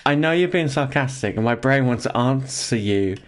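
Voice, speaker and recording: A man's voice: mid-range voice, animated, moderate pace. Joking man streaming from his office. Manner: joking, rambling, laughs often, talks to chat. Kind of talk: casual live-stream chat while gaming. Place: home office.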